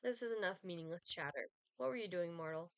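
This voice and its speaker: A woman's voice: lowish voice, fast, no room sound, close to an everyday voice. A woman reading aloud the lines of a sardonic, aloof male Reaper from a dating game, with a dry, condescending delivery. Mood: haughty.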